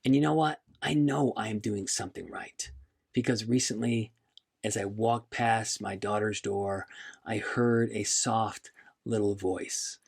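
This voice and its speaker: Slow, gravelly-voiced man telling his story. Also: fairly low pitch, fairly even intonation. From United States. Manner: slow, reflective and heartfelt. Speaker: podcast host. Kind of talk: scripted personal narration.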